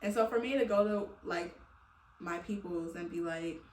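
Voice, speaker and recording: A woman vlogger vents casually and heartfelt to the camera, rambling with lots of fillers and laughing between thoughts. Her mid-range voice has a darkish tone and moderate pace, recorded in an echoey room a little far from the mic with slight background noise.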